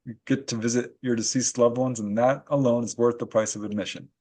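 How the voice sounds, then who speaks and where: A man as a podcast guest who recounts his own experiences in an animated, laughing storytelling manner. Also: medium pitch, fairly quick. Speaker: guest, paranormal researcher and author. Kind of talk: casual interview storytelling.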